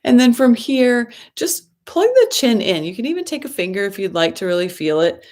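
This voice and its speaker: A middle-aged woman teaching a guided meditation in a slow, soft, soothing voice with long pauses. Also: medium pitch.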